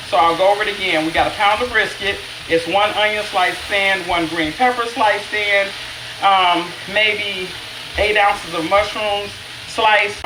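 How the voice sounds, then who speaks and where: A woman's voice: medium pitch, background noise. Chatty woman chef over a sizzling skillet. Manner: chatty, talks to viewers by name, self-teasing. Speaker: chef hosting a home cooking stream. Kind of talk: live-streamed cooking demo, casual chat. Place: home kitchen, indoors. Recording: echoey kitchen with loud sizzling.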